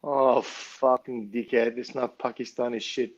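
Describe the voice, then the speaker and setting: A man's voice: medium pitch, little pitch movement, unhurried. A man trading foul-mouthed insults in casual live-stream banter, in muffled lo-fi audio.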